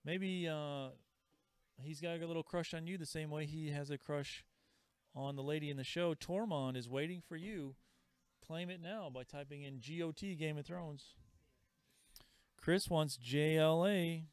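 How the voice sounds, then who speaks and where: Chatty man with a smooth, higher voice. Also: moderate pace, no room sound. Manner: chatty, reads out viewer comments and prices. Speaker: comic shop host selling live. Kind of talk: live-stream sales chat. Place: comic and games shop.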